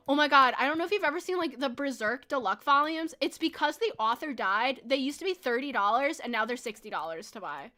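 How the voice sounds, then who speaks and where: Bright-voiced, giggly young woman streamer. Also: high-pitched, animated, brisk, few pauses, faint music behind. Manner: chatty, giggly, lots of fillers. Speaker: game streamer. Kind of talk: casual chat while gaming.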